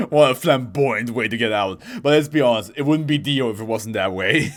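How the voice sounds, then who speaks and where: A man hosting a casual anime reaction, animated and profane. He laughs often and bursts into shouting. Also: medium pitch, moderate pace.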